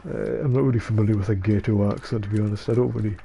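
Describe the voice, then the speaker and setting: A man's voice: lowish voice, fairly even intonation, racing, gravelly, mellow, dull audio, slight background noise. A tired young man with a Scottish accent chatting casually while playing online, rambling and joking with plenty of swearing. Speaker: gamer streaming online matches. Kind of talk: casual chat while gaming.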